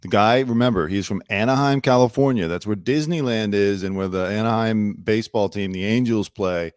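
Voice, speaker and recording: Guy doing his solo news show, low voice, dry close mic, chatty and snarky. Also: a little fast, clean tone, no echo. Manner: chatty, sarcastic, animated. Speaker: host. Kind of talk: casual news commentary.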